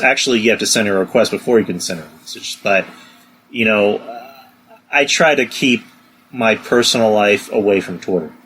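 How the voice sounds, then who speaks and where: Low-voiced rambling man, faint hiss. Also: fairly bright tone. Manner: rambling, lots of "you know". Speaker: podcast co-host. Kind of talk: casual chat.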